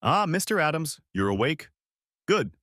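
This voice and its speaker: Male doctor as a narrator plays him, calm, matter-of-fact, lively pitch, dry sound. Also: a little slow, no echo. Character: calm hospital doctor, man.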